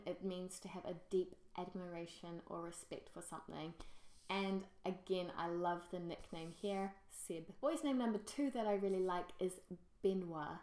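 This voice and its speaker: Woman vlogging, upbeat and gushy, mid pitch, roomy echo. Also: darkish tone. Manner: enthusiastic, gushing about favourites. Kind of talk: casual presenting to camera.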